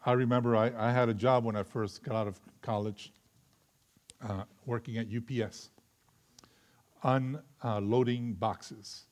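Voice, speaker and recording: A man preaching a sermon with earnest conviction, moving between loud emphatic stretches and quiet reflective ones before closing in prayer. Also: medium pitch, fairly even intonation, a little slow, pauses often. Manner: closes in prayer. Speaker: pastor.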